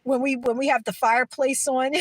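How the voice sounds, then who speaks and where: A woman's voice: high-pitched, no room sound. A middle-aged woman from Brooklyn with a New York accent, chatting casually with viewers, rambling with restarts and laughing often. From Brooklyn, New York City. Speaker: livestream host reading chat. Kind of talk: casual chat.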